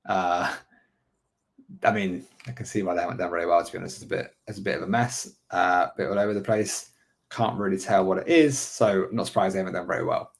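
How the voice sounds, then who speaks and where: A man coaching online sellers in a casual screen-share walkthrough, thinking aloud and tossing in quick "right?" asides. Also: deep voice.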